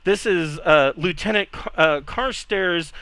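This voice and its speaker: A man's voice: high voice, unhurried, bright, forceful tone, no room sound, voice pushed up. A man voicing a poised, gracious young noblewoman who speaks with firm courtesy. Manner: courteous, reproachful.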